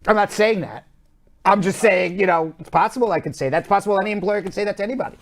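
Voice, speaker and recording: A man's voice: high-pitched, fast talker. Chatty man with a Long Island accent. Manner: chatty, loose delivery with fillers and restarts. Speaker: show host and attorney. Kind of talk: live show news rundown.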